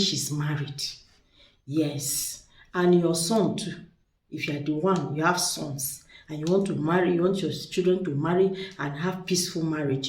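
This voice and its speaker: On the low side with a darkish tone, this woman's voice carries a casual showcase of spiritual products. She talks in a chatty, persuasive way and repeats words for emphasis, recorded in an echoey room from a distant mic.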